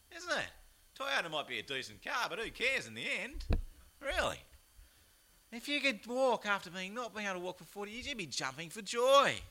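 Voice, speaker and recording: Aussie pastor preaching, bright forceful voice, swoops up and down a lot. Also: male voice, high-pitched. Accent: Australian. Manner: animated, chatty, with rhetorical asides. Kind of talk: lively sermon.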